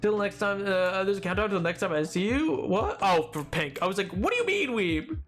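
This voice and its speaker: A man's voice: sits high, fairly quick, faint music behind. A man streaming a game, chatting casually in a goofy, rambling, playful way, a little tired. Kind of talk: casual live-stream chat while gaming.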